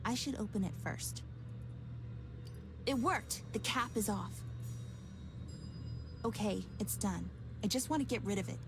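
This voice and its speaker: A woman's voice: mid-range voice, measured pace, long pauses, over music, natural voice. An actress voicing an anxious, defensive young girl in a game. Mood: nervous. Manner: nervous, defensive.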